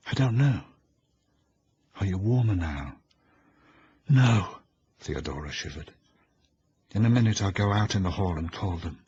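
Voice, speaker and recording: Deep-voiced man reading a horror story. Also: muffled recording, slight background noise. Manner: measured, suspenseful reading. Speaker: audiobook narrator. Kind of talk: audiobook reading.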